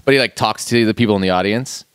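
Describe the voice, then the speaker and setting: A man's voice: lowish voice, fast, clear, resonant tone, no room sound. A man co-hosting a podcast, chatting casually and laid-back, often acting out what others said. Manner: laid-back, quotes friends in animated voices. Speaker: podcast co-host. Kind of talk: casual chat. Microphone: studio mic with headphones.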